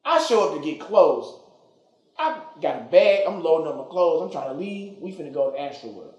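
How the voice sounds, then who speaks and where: A man hosting a podcast, telling a comedic story in an animated, profane way, recorded in an echoey room. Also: fairly high pitch, brisk, dull audio. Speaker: podcast host.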